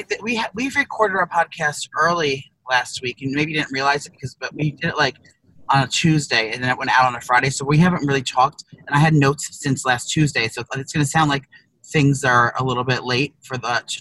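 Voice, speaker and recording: A man's voice: mid-range voice, fairly even intonation, fairly quick, bright, forceful tone, rough recording. A man co-hosting a podcast in casual chat, telling a rambling, profane story full of restarts. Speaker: podcast co-host. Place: car.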